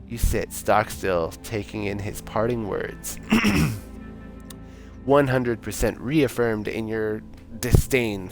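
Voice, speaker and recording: A man's voice: lowish voice, vocal fry. A man streaming a story game, reading its narration aloud with casual, wry asides. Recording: faint game music.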